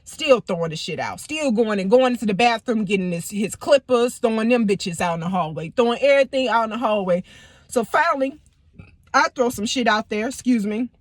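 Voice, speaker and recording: A woman telling a personal story in a casual, animated, profane way. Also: a little high, fairly quick, dry recording, clean studio sound. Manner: animated, profane, emphatic retelling. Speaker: vlogger, storyteller.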